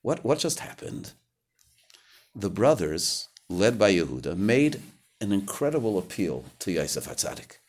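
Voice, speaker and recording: A man's voice: on the low side, sing-song, unhurried, a little mellow. A man giving a conversational Torah lecture, sometimes searching for words and rising sharply when he acts out quotes. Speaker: rabbi teaching Torah.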